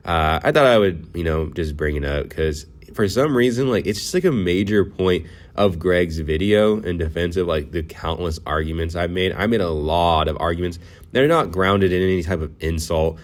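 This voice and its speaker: A man's voice: low-pitched, normal speed. A man hosting his own faceless commentary channel, talking casually with lots of fillers and "right?" checks. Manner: casual, filler-heavy, keeps asking "right?". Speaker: faceless YouTuber host.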